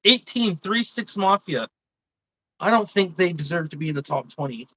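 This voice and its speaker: A woman's voice: fairly low pitch, lively intonation, normal speed, pushed and bright, dry recording, rough recording. A woman hosting a live stream, chatting casually and swearing a lot as she gives blunt, indignant opinions.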